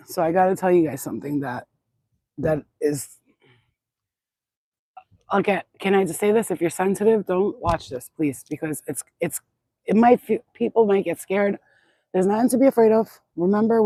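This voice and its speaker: A woman's voice: lowish voice, warm tone, dry recording, poor audio. A woman channeler chatting outdoors in a yard into a phone, rambling, blunt and swearing freely in a casual spiritual vlog.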